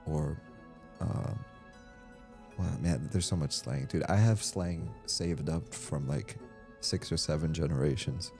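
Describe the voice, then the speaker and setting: With game music in the background, a man livestreams his gameplay in a very deep, creaky, darkish voice, speaking slowly. He chats in a loose, rambling way, reading viewer messages and laughing easily.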